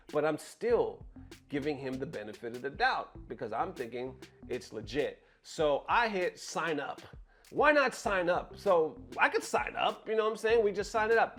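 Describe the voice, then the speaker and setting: A man, a content creator, telling a story to camera from his bedroom in a casual, profane and exasperated way. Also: fairly high pitch. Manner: animated, profane, exasperated retelling.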